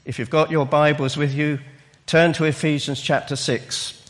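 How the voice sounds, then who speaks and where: A man preaching a sermon in a church, slow and emphatic, with halting restarts. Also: a little high, level tone. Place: church hall. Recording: long reverb in a hall.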